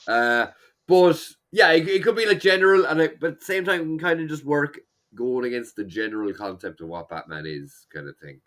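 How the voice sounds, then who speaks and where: A man's voice: on the high side, sing-song, brisk, fairly bright tone. A man co-hosting a casual podcast chat, rambling and swearing freely as he restarts his sentences. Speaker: podcast co-host.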